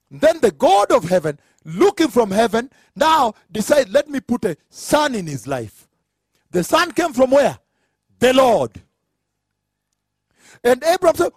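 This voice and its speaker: A man's voice: extremely high pitch, very animated, takes it slowly, pauses often, husky, no room sound. A man preaching a sermon, emphatic, with rhetorical questions and acted-out dialogue.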